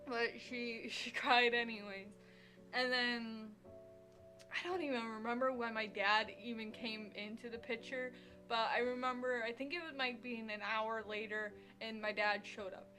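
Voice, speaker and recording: A woman's voice: on the high side, steady tone, a little slow, sharp tone, faint music behind. A woman vlogger recounting a personal story in a casual, rambling way, full of "like" fillers and sighs.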